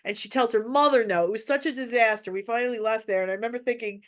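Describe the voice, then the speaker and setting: A woman's voice: fairly high pitch, fast. A mother telling a personal parenting story in a casual, candid way, often restarting her phrases. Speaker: mother sharing parenting advice.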